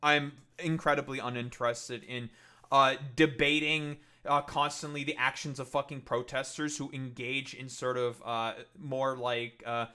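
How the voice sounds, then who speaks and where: A man's voice: mid-range voice, little pitch movement, measured pace, sharp tone, smooth. A man streaming live, ranting in a profane, combative and dismissive way, rambling with many fillers. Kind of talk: casual livestream rant.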